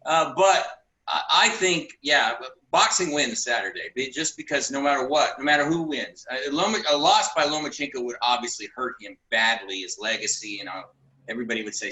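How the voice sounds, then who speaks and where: Man, boxing co-host, bright forceful voice, echoey room, rambling casual talk. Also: mid-range voice, animated, fairly quick. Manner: rambling, repeats words, laughs while talking.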